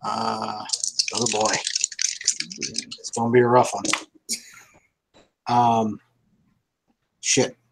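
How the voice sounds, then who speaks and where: A man playing in a tabletop game, speaking in an unhurried way with thinking fillers. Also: lowish voice, little pitch movement, gravelly, noisy background. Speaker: player.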